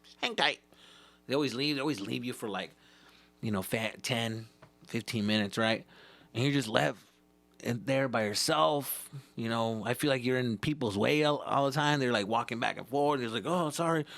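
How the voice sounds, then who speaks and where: A man's voice: medium pitch, normal speed, vocal fry, a bit bright. A male comedian hosting his podcast, telling a rambling, profane story and acting out the voices of the people in it.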